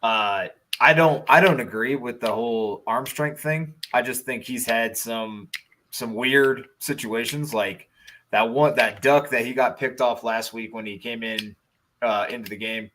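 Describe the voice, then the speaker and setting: A man's voice: medium pitch, a little slow, fairly bright tone, slight background noise, rough recording. A man with a Chicago accent co-hosting a casual sports podcast, talking in a loose, rambling way and swearing now and then. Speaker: podcast co-host.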